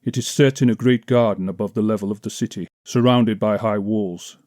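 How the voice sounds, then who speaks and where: A man's voice: fairly low pitch, fairly even intonation, brisk, mellow, no room sound, clean studio sound, lightly acted. A man reading an audiobook, voicing a young male barbarian who speaks tersely and plainly, in no friendly tone. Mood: blunt.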